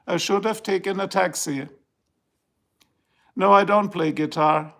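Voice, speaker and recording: Gravelly, high and a bit bright, the voice comes from a German man on a live stream. He is at home near his garage, swearing and complaining theatrically in a casual rant.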